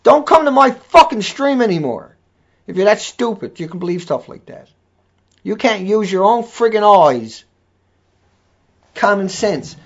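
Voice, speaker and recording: Speaking at an unhurried pace, this video blogger has a high-pitched, very animated voice with vocal fry, and he pauses often. What he delivers is an angry, repetitive rant packed with profanity. The recording sounds dull and lo-fi.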